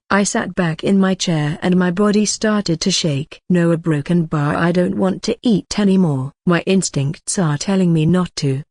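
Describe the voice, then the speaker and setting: A woman with a somewhat low voice narrates a novel aloud, in an even, steady reading that speaks punctuation marks as words. The recording is dry and close, with no room sound around her. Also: normal speed, hardly any pauses, no room sound. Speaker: audiobook narrator. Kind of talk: scripted narration of a translated novel.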